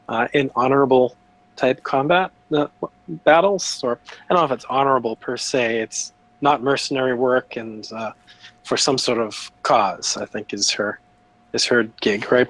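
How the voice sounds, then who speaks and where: A man in a tabletop game session, talking in an average-pitched voice. He swears casually and stumbles over his words. Keyboard typing sits behind him. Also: normal speed, rough recording. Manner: casual, swears often, hesitant. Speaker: player.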